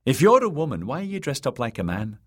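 A man's voice: mid-range voice, huge pitch swings, fast talker, a bit bright, pitched above the performer's own voice. A man voicing a wary, blunt ten-year-old girl who runs an inn, read as an audiobook character. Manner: blunt, suspicious.

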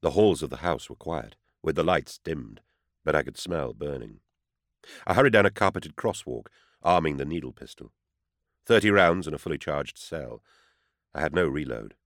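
A man with a very deep voice narrates an audiobook in the first person, measured and tense. The sound is dry and close, with no room around it. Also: lively intonation, a bit bright, no room sound.

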